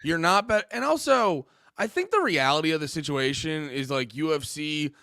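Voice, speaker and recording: A man's voice: fairly high pitch, lively intonation, normal speed, creaky, pushed and bright, no echo, studio quality. A man co-hosting a casual podcast chat, joking, cursing and cutting in. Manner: joking, profane, interjecting. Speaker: podcast co-host.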